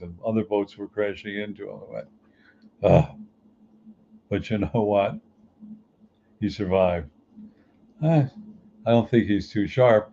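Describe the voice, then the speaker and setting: A man's voice: fairly low pitch, dark tone, a little hiss or hum. A man giving a conversational motivational talk as a spiritual teacher and coach, asking many rhetorical questions. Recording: muffled lo-fi recording.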